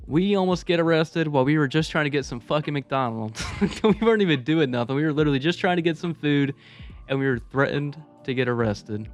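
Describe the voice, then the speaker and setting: A man's voice: a little high, lively intonation, brisk, faint music behind. A man telling a personal story to his viewers in a casual, laid-back, profane way, with chuckling asides. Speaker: storytelling vlogger.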